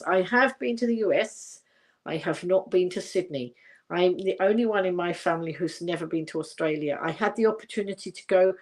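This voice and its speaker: An older woman hosting a casual livestream, chatting in a rambling way with many fillers and restarts and reading out viewer comments. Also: on the low side. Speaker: livestream host.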